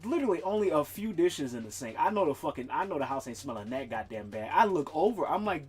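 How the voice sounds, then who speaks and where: Husky-voiced man telling a profane story. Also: on the high side, very animated, fast, few pauses, faint music behind. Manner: profane, rambling, laughs often. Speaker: streamer. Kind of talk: casual storytelling chat.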